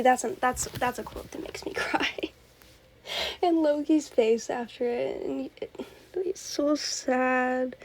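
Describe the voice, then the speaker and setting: A woman's voice: high voice, gravelly, darkish tone, a little hiss or hum. A young woman hosting a casual fan commentary, chatty, laughing often and restarting her sentences. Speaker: host.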